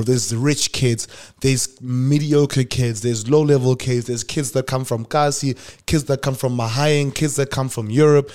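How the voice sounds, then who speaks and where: A young South African man tells a personal story on his podcast in a loose, slangy way. His voice sits at a middle pitch. He jumps into other people's lines as he acts out the scenes. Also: darkish tone. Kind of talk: casual storytelling.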